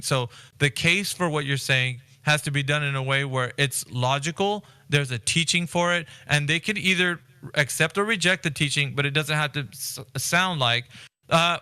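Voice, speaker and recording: A man's voice: fairly high pitch, normal speed, pushed and bright, smooth, no room sound. A man hosting a casual voice-chat discussion, talking earnestly and rambling with frequent restarts. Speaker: Discord voice chat host.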